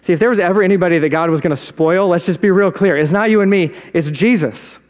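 Pastor guy w a high voice, chatty sermon style, lots of right? and don't we?, big echoey church hall. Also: fast talker. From South Jersey. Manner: conversational preaching with rhetorical questions. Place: church sanctuary.

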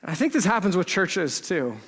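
Man preaching, high voice, conversational storytelling, long church hall reverb. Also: big pitch swings, a little fast, fairly bright tone. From Texas. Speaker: pastor. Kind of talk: sermon.

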